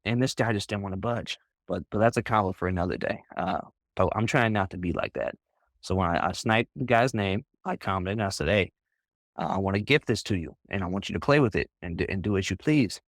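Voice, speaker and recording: A man with a deep, fairly quick voice is a guest on a group voice call, rambling casually through a story. He leans on "like" and "bro" and restarts his sentences, recorded at studio quality with no room sound.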